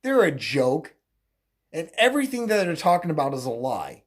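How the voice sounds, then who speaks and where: A political commentary host rants alone, mocking and crude, rambling with fillers and self-corrections and often laughing at his own jokes. The voice is medium-pitched, sing-song and slightly rough, at a moderate pace.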